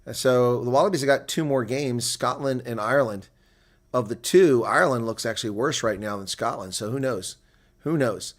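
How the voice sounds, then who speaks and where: A man doing live play-by-play and reaction for a rugby match, who builds to shouting on big plays, then drops to relaxed, chatty talk and replies to viewer chat. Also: medium pitch, normal speed. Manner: reads out and answers viewer chat.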